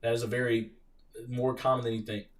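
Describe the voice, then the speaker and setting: A young man hosting a casual live Q&A, reading out viewer questions and telling stories in an animated, profane way. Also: medium pitch, a little fast, distant mic. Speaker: live stream host, Marine veteran.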